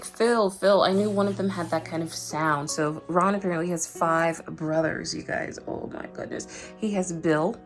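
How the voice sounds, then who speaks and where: A woman's voice: fairly low pitch, vocal fry. Giggly young woman reading aloud. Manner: chatty, giggly, emotional asides. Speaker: vlogger reading a book aloud. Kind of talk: casual read-aloud with commentary.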